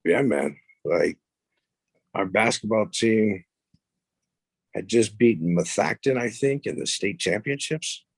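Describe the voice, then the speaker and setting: A man's voice: on the low side, takes it slowly, gravelly, long pauses, slightly rough, no echo. A man in his thirties, a podcast guest, telling a story casually with lots of swearing and rambling asides. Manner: profane, rambling, animated retelling.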